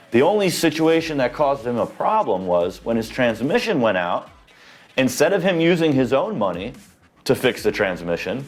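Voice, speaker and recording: A man commenting on a played video clip, explaining a point step by step in a casual way and checking in with "right?". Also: medium pitch. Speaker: business credit commentator.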